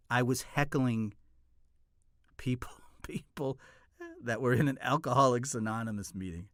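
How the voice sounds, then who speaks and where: A young man telling a comic personal story, animated, swinging from hushed asides to loud outbursts. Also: mid-range voice, measured pace, pauses often, dry recording, studio quality.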